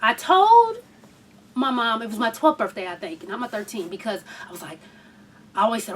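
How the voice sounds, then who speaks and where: A woman hosts a candid chat in a high, wildly swinging voice. She talks bluntly and with profanity, jumping from loud outbursts to hushed asides. She sits a little back from the mic. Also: expressive, normal speed, recorded from a distance, a little hiss or hum. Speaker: host.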